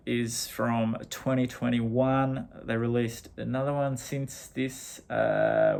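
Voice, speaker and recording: A middle-aged Australian man with a gravelly, creaky voice, talking loosely about his favourite records. He rambles, backtracks and corrects himself, tossing in plenty of casual slang. His pitch sits in the ordinary middle range for a man. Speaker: vinyl collector reviewing records. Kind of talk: casual record review vlog.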